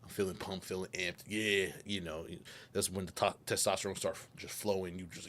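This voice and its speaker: A young man with a soft-spoken, earnest, reflective way of talking, often dropping to a near whisper, as he tells a personal confession. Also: deep voice, little pitch movement. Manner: earnest and reflective, with pauses and restarts. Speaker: podcaster telling his story.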